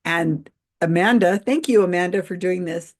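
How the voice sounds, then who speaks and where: A woman's voice: fairly low pitch, moderate pace, darkish tone. A woman hosting a livestream, chatting skeptically and casually, laughing often as she reads out viewer comments. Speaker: host of a livestream commentary show.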